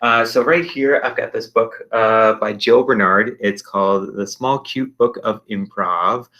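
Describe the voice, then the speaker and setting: A young man leads a casual virtual arts lesson. His voice has a bright, forward edge, and he stays upbeat, filling pauses with lots of ums and uhs. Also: on the low side, fairly even intonation. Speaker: expressive arts teacher.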